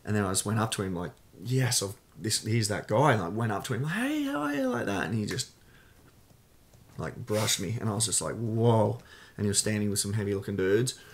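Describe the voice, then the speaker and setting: A man's voice: fairly low pitch, fairly quick. A man with an Australian accent, a podcast guest telling a personal story in casual, candid talk with many fillers.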